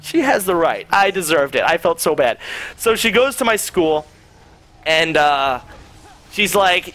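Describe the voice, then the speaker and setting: A man's voice: high-pitched, expressive, measured pace, fairly bright tone. A young man streamer telling a rambling, profane story in casual chat, full of fillers.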